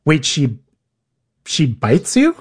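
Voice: medium pitch, huge pitch swings, takes it slowly, breathy edge. An interviewer asking short, probing questions in a casual chat. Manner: inquisitive, probing for details.

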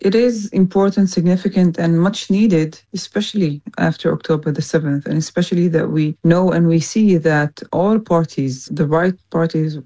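A woman's voice: lowish voice, moderate pace, few pauses, dark tone. Insistent woman politician, lo-fi sound. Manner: insistent, repeats for emphasis. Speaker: party co-leader. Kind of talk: political interview. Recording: dull lo-fi recording.

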